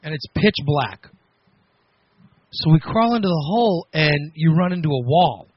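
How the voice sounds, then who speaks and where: A man hosting a radio show, telling a story on air in a casual, animated, self-mocking way with frequent laughs. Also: fairly high pitch, normal speed, slightly rough, dry recording, lo-fi sound. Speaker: radio host.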